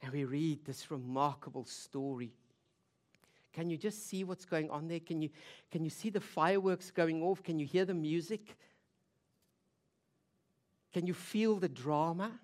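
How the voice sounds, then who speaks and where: A woman preacher giving a sermon, telling the story vividly with rhetorical questions and swinging between loud emphasis and hushed intensity. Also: low-pitched, a little slow, long pauses.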